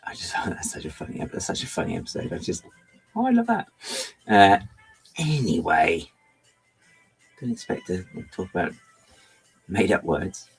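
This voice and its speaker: A man's voice: low voice, animated, moderate pace, gravelly, pauses often, faint music behind, poor audio. A middle-aged man chatting casually while he builds with LEGO on a livestream, rambling and often stopping himself to apologise. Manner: rambling, self-interrupting, apologetic.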